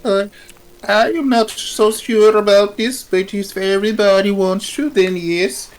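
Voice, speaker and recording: A woman's voice: mid-range voice, steady tone, a little slow, poor audio. A woman speaking hesitantly as a player in a tabletop role-play. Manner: hesitant and unsure.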